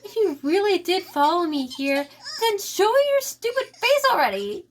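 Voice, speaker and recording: A woman's voice: very high-pitched, big pitch swings, normal speed. A woman voicing a hot-headed teenage boy who talks bluntly and impatiently. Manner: blunt, irritated shouting.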